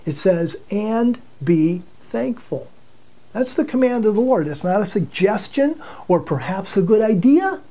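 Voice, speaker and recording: A man delivers a Bible teaching as a relaxed, conversational sermon. His tone is warm and mellow. He tells everyday stories, chuckles often, and doubles words as he restarts his thoughts. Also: high-pitched, moderate pace, hardly any pauses. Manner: conversational storytelling with frequent chuckles; repeats words when restarting phrases.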